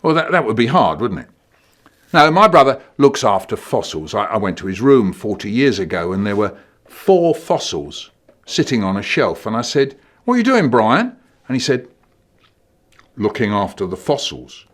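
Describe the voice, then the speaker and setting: A man spins comic stories for children. His voice bounces up and down, and he talks in a playful, animated way that breaks into loud, silly shouts. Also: lowish voice, moderate pace. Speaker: comic storyteller.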